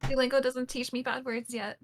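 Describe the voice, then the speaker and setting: A woman's voice: high-pitched, little pitch movement, a little fast. A woman co-hosting a stream, chatting casually in a laid-back, amused way. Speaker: stream co-host.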